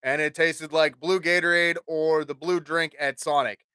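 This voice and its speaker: Cussing podcast dude rambling along, bright crisp voice, dry close mic. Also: male voice, a little high, fairly even intonation, moderate pace, dry recording. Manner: profane, rambling, jokey. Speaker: podcast host. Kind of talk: casual rambling monologue.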